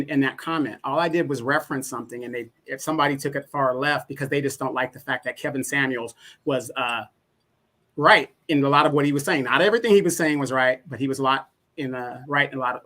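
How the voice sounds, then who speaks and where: A man's voice: mid-range voice, fairly even intonation, quick pace, pushed and bright. A man on a casual livestream, arguing his point insistently and stumbling over repeated words as he talks. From Southern California. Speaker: co-host guest. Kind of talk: casual debate.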